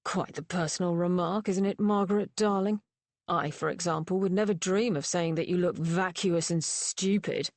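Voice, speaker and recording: A woman's voice: lowish voice, steady tone, moderate pace, darkish tone, dry recording, lightly acted. A woman voicing a surly, drunken young male rake who sneers and insults everyone around him. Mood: mocking.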